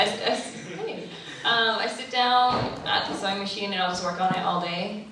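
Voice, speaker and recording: A woman answering questions on a cosplay panel, hesitant, with many restarts. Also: fairly low pitch. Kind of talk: casual Q&A answers. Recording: echoey hall from far off, faint noise.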